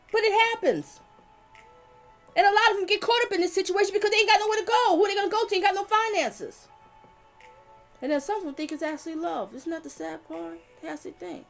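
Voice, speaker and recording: A woman's voice: extremely high pitch, fairly even intonation, fast, vocal fry, faint music behind. A woman, hosting a livestream in a blunt, outspoken way, swearing and talking to her chat. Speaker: livestream host. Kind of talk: casual livestream talk.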